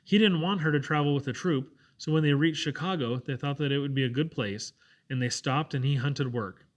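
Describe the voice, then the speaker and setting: A man voicing a gentle but firm young woman who soothes a sick friend. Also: a little high, brisk, close to an everyday voice. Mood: storytelling.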